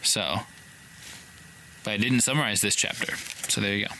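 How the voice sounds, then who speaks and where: Podcast host, male, bright forceful tone, teasing and playful, faint hiss behind. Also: on the low side, normal speed. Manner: playful, teasing, laughs often. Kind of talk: casual chat.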